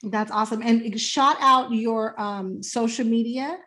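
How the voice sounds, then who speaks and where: A woman's voice: fairly high pitch, a little slow, pushed and bright. A woman hosting a podcast, casual and outspoken, joking with her guests. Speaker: podcast host. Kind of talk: casual chat.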